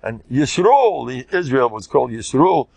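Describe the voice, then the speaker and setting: An older man with an American Orthodox Jewish English accent, a rabbi telling stories in an informal Torah class and bursting into loud shouted quotes. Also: medium pitch, big pitch swings, a little slow, gravelly, breathy edge, dry recording. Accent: American Orthodox Jewish English with Yiddish words. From United States.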